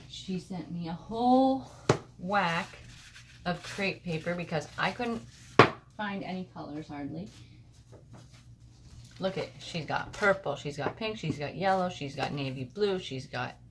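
A woman at her home craft desk chatting casually and excitedly as she shows off mail she received, picked up by a camera on the desk. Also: on the low side, a little slow, long pauses, background noise. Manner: gushing, excitable, rambling. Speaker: crafting vlogger.

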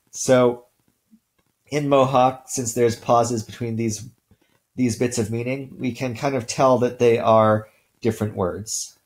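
A male linguistics instructor giving a recorded lecture in a relaxed way, with many ums and uhs and the odd throat clear. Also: mid-range voice, slow pace, low-quality recording.

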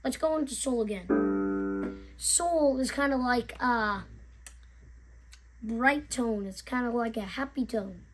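A young woman giving a home video music lesson, explaining note names slowly with halting pauses and singing them. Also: a little high. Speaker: music teacher.

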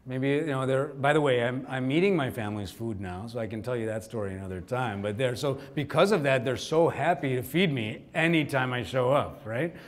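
A man in his forties from Kerala, India, giving a keynote speech to a conference audience, telling personal stories in a relaxed, conversational way with lots of asides. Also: mid-range voice, fairly quick, few pauses. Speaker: keynote speaker. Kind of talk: storytelling speech. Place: conference hall before an audience.

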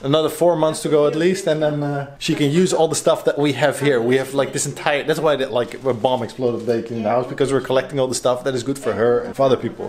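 A young man chatting quickly and laughing as he films a family vlog at home. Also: mid-range voice, steady tone, darkish tone. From Netherlands. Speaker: vlogger. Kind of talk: casual family vlog chat. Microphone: camera-mounted mic.

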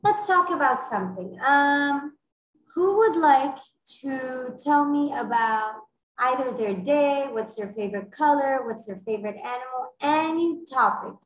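A woman teaching an online French class to children, encouraging them and modeling phrases slowly and clearly over a video call. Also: high-pitched, animated, roomy sound, a little hiss or hum, poor audio.

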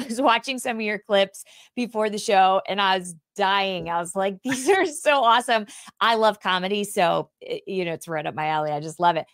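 A woman's voice: mid-range voice, fairly bright tone, dry recording, studio quality. A woman hosting a talk show, reading a sponsor spot and chatting with a guest in a bubbly, effusive way. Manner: bubbly and effusive, quick to laugh. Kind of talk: casual interview chat.

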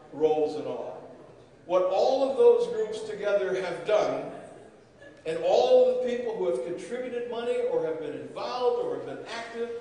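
A man's voice: high voice, warm tone. A man speaking as master of ceremonies at a podium, giving a joking, digressive conference speech and often repeating words. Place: large event room. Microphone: podium microphone. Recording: echoey hall, voice far from mic.

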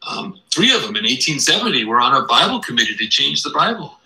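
A man's voice: mid-range voice, big pitch swings, fast talker, pushed and bright, echoey room, low-quality recording. A man giving scripted video narration, explaining step by step with rhetorical questions.

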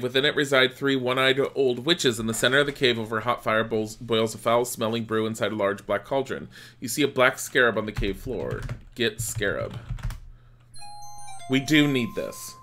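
A man's voice: mid-range voice, sharp tone, a little hiss or hum. A man streaming a live game playthrough, reading the game's text aloud between the commands he types.

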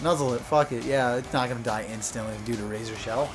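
A young man co-hosting a video game playthrough, joking crudely and breaking into shouts and laughter. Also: mid-range voice, quick pace, over music. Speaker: let's play co-host. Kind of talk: casual gaming banter.

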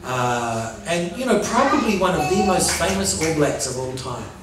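A high-voiced man preaches in a lively, playful way, laughing at his own jokes and pressing his listeners for amens. His voice comes from some way off the mic in a very echoey church hall. The congregation answers him now and then. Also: moderate pace, far from the mic, noisy background. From New Zealand. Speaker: pastor. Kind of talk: sermon.

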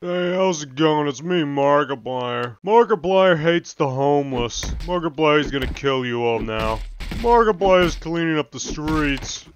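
Man doing a loud cheery internet-star persona. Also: on the high side, lively intonation, unhurried, slight background noise. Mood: menacing cheer. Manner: loud, grinning, third-person bragging. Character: boastful cheery male internet personality, menacing.

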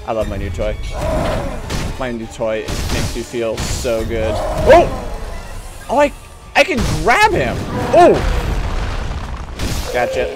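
A man streaming a video game, commenting live, excitable, talking to the enemies he fights and bursting into exclamations. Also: medium pitch, unhurried, long pauses. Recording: game music loud under the voice. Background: game music.

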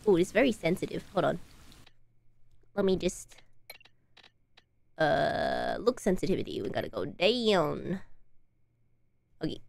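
A woman streaming a game live, playful and excitable, gasping, meowing and talking in cutesy broken grammar. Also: fairly low pitch, a little slow, vocal fry, pauses often.

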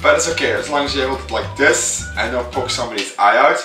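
A man rambling casually through a toy unboxing vlog, chatty and self-mocking, his voice a little hoarse. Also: medium pitch, fast talker, over music. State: slightly hoarse voice. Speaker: vlogger reviewing a toy. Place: room indoors. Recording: echoey room, mic at a distance.

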